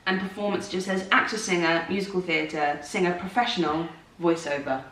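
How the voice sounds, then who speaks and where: A woman's voice: on the low side, normal speed, a bit bright, far from the mic, slight background noise. A woman performer chatting casually about her acting work, self-deprecating and talkative. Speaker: co-host, musical theatre performer. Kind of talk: casual morning chat. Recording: roomy, from off-mic.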